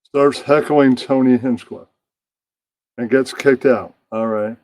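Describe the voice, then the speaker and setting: A man's voice: mid-range voice, steady tone, takes it slowly, a little mellow, no echo. A man hosting a puppet show stream, rambling and chuckling to himself as he sets up scenes. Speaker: host.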